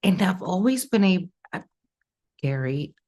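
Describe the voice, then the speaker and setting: Low-voiced woman telling a gripping story. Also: unhurried. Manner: animated, acts out quoted dialogue. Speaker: psychic medium guest. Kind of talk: emotional storytelling.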